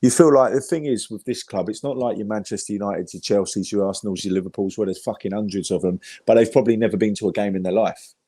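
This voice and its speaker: A man's voice: lowish voice, fast, dark tone, slightly rough, no echo. Sweary man telling rambling football stories. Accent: English. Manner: swears freely, rambling anecdotes. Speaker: podcast guest, football fan. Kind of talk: casual chat.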